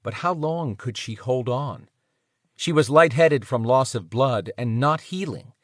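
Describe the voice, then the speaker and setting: A man narrating an audiobook in an expressive, dramatic reading style. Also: mid-range voice, measured pace, no echo, studio quality. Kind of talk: scripted narration.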